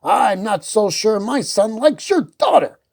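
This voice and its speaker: A woman voicing an excitable, pompous old king who squeaks and sputters when he shouts. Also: a little slow, creaky, full character voice. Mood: bossy.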